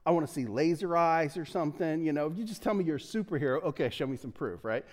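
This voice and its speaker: A male pastor with a fairly high, darkish voice talks fast through a casual sermon packed with jokes and frequent chuckles, along with restarts and fillers. A long reverb trails his words, as if he's in a large church hall.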